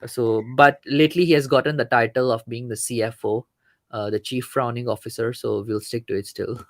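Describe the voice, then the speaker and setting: A man's voice: mid-range voice, steady tone, brisk, no room sound. A man from Malaysia hosting a casual live-stream football talk show, chatting and reading out viewer comments. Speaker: show host.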